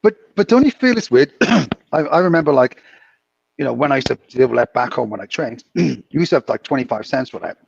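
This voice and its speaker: A man's voice: mid-range voice, expressive, a little fast, gravelly, husky, dry recording. A man chatting casually as a podcast co-host, rambling and chuckling through his stories. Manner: rambling, chuckling storyteller with filler words. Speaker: podcast co-host, casino dealer. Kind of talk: casual chat. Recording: dull muffled dry mic sound.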